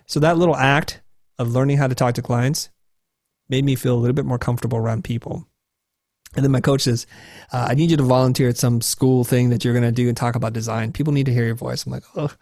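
A man in his forties tells candid stories about himself with self-deprecating humor. He is animated, and his voice leaps up high and squeaky whenever he quotes his nervous younger self. The recording is dry and close, with no room sound. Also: fast, dry recording. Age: 40s. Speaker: guest. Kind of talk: candid conversational storytelling.

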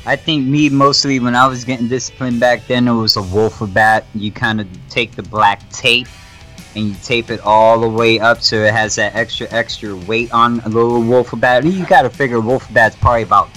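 Bright rambling podcast guy. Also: mid-range voice, steady tone, moderate pace, faint music behind. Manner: rambling storyteller, many fillers and swearing. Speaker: podcast co-host. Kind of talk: casual chat.

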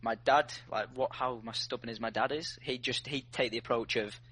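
A man from Britain talks casually as a podcast guest. His voice is bright and forceful, and he chimes in quickly. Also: mid-range voice, steady tone, slightly rough. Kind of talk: casual chat.

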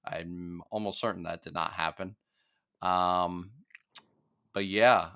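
A man co-hosting a podcast, chatting casually about a TV episode, laughing often and relaxed with fillers. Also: deep voice, clean tone. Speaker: podcast co-host.

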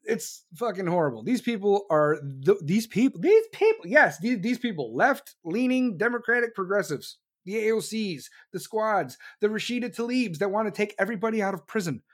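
A man's voice: high-pitched, expressive, normal speed, few pauses, a bit bright. A man delivering a profane, sarcastic political rant as commentator. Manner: angry, sarcastic, mocking.

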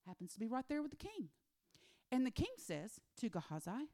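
A woman preaching a sermon, retelling a Bible story with animated voices for the characters and hushed, near-whispered emphasis. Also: medium pitch, fairly quick. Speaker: women's ministry speaker.

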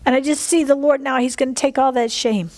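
At a church service, a woman with a high, darkish-toned voice delivers a fervent sermon with prayer, speaking a little fast with fairly even intonation. She repeats phrases to the congregation and breathes out between lines.

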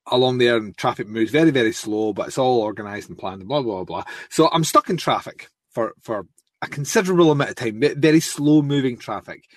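Scottish man telling an animated story. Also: medium pitch, no room sound, studio quality. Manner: animated storyteller, swears freely, mimics others. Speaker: podcast co-host. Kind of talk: casual chat.

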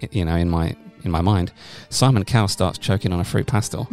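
A man, co-hosting a comedy podcast and rambling through a deadpan, absurd story, with sudden loud shouts now and then. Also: low voice, a little fast, vocal fry, soft background music. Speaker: podcast co-host. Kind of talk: casual comedic podcast banter.

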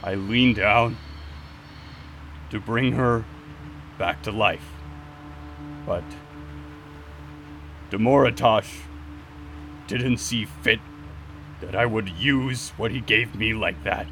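A guilt-ridden, grieving guardian, played by a man, talks in halting, choked apologies. His voice is bright and forceful at a middle pitch, with music playing softly behind. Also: exaggerated voice. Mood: grave. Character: remorseful grieving male guardian, tender and guilty.

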